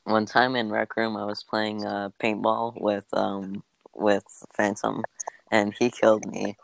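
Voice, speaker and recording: A young man chatting casually as a podcast co-host, joking and teasing with deadpan asides. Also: on the low side, unhurried, creaky, low-quality recording. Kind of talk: casual chat.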